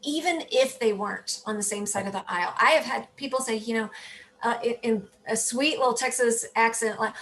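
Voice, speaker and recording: Animated woman telling campaign stories. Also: a little high, fairly quick. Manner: animated storytelling, self-correcting. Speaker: political candidate, guest. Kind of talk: casual conversational interview.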